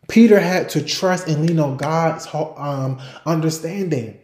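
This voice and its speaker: A man's voice: fairly high pitch, takes it slowly, hardly any pauses, darkish tone, roomy sound. A man hosting a faith podcast, preaching in an emphatic, repetitive way and restarting phrases as he builds his points. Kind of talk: sermon-style podcast talk.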